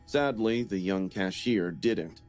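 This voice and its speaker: A man giving a scripted first-person horror narration in a steady, grim storytelling manner. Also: low-pitched, slow, faint music behind.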